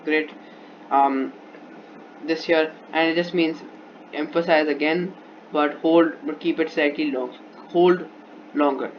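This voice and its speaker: A man's voice: fairly high pitch, steady tone, takes it slowly, long pauses, a little hiss or hum. A man teaching a music theory lesson off the cuff, often restarting and repeating himself while he demonstrates. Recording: dull lo-fi recording with instrument playing.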